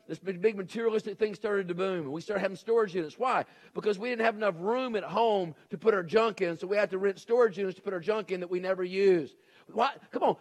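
A middle-aged male pastor preaching a sermon, swinging between shouted emphasis and hushed intensity. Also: high-pitched.

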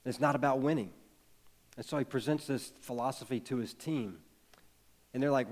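A man's voice: medium pitch, brisk, a little mellow. Earnest man preaching a sermon. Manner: earnest storytelling, building to emphatic peaks. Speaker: pastor.

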